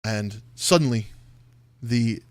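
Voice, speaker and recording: A man's voice: mid-range voice, slow. A man running a tabletop role-playing game as dungeon master, narrating scenes in vivid detail with frequent "uh" and "um" fillers.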